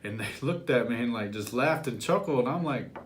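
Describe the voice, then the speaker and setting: Man telling a personal story, animated. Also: mid-range voice, fairly quick, slight background noise. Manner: animated storyteller, acts out his childhood voice. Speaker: life coach.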